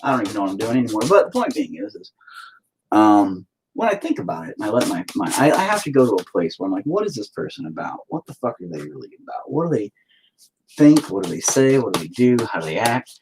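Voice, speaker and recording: A man's voice: on the low side, sing-song, quick pace, noisy background. A man chatting casually and crudely while he paints, rambling and joking with lots of swearing. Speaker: painter streaming his work.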